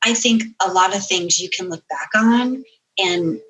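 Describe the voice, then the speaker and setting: A woman guest on a podcast telling funny stories, animated and full of "like" and "you know.". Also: mid-range voice, unhurried, distant mic, rough recording. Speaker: guest, comedy author. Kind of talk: podcast interview, storytelling.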